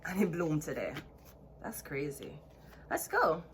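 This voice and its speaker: A woman with a Jamaican accent giving a chatty tarot card reading, excitable and repeating herself. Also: deep voice, unhurried, noisy background. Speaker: tarot reader. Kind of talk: casual tarot reading to camera.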